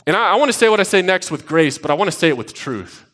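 A man's voice: sits high, fast. A man in his thirties preaching a sermon, telling family stories and building to emphatic repeated lines. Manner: animated storytelling, rising to emphatic repeated lines. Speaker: pastor.

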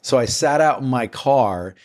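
A man co-hosting a podcast, telling a story in a lively way and mimicking voices as he goes. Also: medium pitch, a little slow. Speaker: podcast co-host. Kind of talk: casual podcast conversation.

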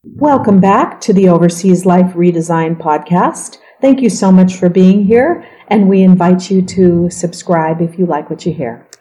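A woman's voice: fairly low pitch, measured pace, mellow, rough recording. A woman podcast host reading a polished, upbeat scripted announcement.

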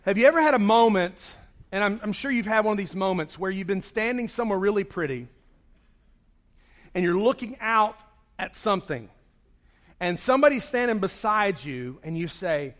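A man's voice: sits high, brisk. A man preaching a conversational sermon after praying, his voice a bit worn from singing. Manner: conversational, animated storytelling. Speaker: pastor. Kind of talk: sermon with opening prayer.

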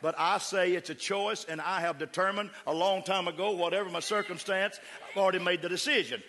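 Brief: middle-aged West Texas preacher, fervent, slightly high, gravelly, church echo. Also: male voice, moderate pace, noisy background. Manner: fervent, emphatic preaching with crowd call-outs. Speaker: pastor. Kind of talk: sermon. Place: church sanctuary. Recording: echoey church hall.

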